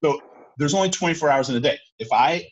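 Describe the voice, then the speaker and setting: A man talking casually as an interview guest, excitable and full of fillers, acting out little quotes. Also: fairly high pitch, quick pace. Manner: animated, filler-heavy, acts out quotes. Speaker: sales guest. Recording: dull lo-fi sound.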